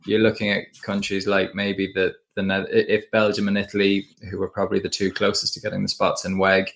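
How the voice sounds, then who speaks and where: Male podcast panelist, low-pitched, analytical and thinking aloud. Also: monotone, brisk, gravelly, a bit bright. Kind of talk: casual panel chat.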